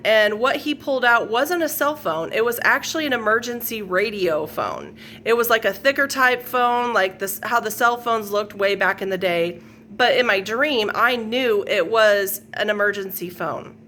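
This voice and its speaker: A middle-aged woman with a bright, rather high voice recounts a dream as a personal testimony. She talks in an earnest, rambling way, full of fillers and quoted lines, with a faint hiss of background noise. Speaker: faith video host. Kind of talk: personal testimony, casual storytelling.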